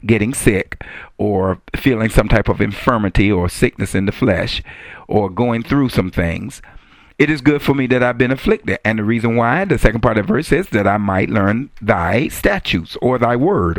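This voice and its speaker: A man preaching a sermon, repeating key phrases and rising to emphatic high exclamations. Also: no echo.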